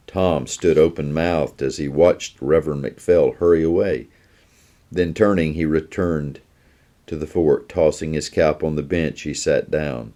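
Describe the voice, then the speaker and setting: Very deep-voiced pastor reading a story. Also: male voice, warm tone. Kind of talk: reading a children's story aloud.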